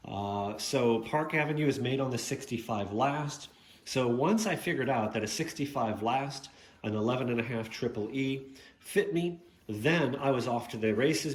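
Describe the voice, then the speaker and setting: In a casual show-and-tell vlog, a man chats about his shoe collection, rambling with plenty of fillers and asides. His voice is medium-pitched and the sound is roomy.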